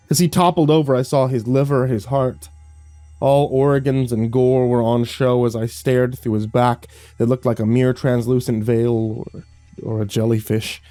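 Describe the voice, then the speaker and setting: A man narrating a horror story in a slow, dramatic, hushed storytelling manner, as a dry studio voice-over. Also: medium pitch, no echo.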